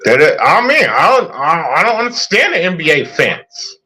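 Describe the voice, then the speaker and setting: A man's voice: on the high side, sing-song, moderate pace, sharp tone, soft background music, rough recording. Heated man ranting about football. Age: young adult. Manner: profane, heated, repetitive. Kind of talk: casual sports rant.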